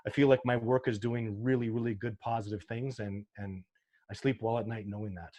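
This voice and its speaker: A man's voice: on the low side, fairly even intonation, a little fast, mellow. Earnest man telling emotional stories. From Canada. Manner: earnest, emotional storyteller, many restarts. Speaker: sasquatch researcher guest. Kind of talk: casual interview talk.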